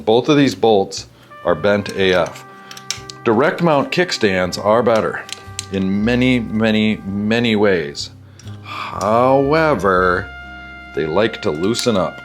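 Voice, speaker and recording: Brief: very low-voiced male shop vlogger, stuffy nose, rambling candid storyteller. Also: lively intonation, slow pace, soft background music. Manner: rambling, candid, profane asides. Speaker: bike shop owner and vlogger. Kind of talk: casual storytelling while working on a bike. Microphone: wireless clip-on mic.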